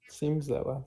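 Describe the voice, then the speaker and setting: Tabletop player, mellow, mid-pitched, eager to act. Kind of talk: casual tabletop play.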